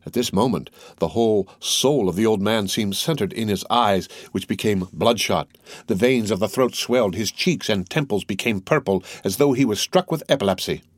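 A man narrating a classic novel in a steady, unhurried reading. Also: on the low side, no echo, studio quality. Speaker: audiobook narrator.

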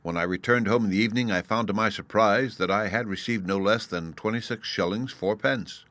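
A man voicing an ashamed gentleman prisoner who tells his story earnestly and pleadingly. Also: fairly low pitch, fairly quick, no room sound, natural voice. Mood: confessing.

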